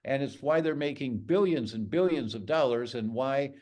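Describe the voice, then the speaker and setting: A man's voice: mid-range voice, normal speed, a little mellow. A middle-aged man, a doctor guest on a podcast, talking in an emphatic, storytelling way. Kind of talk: podcast interview.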